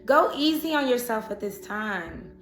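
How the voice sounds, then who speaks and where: A woman's voice: a little high, expressive, measured pace, roomy sound, faint music behind. A woman giving a casual, chatty tarot reading who often laughs. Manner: chatty, laughs and breaks into song. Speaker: tarot reader.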